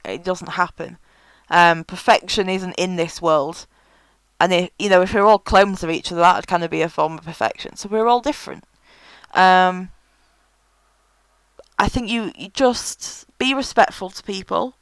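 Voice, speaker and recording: A woman's voice: on the low side, fairly even intonation, normal speed, clean tone, dry recording, low-quality recording. A woman giving frank, chatty advice in a casual vlog, with many fillers. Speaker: vlogger.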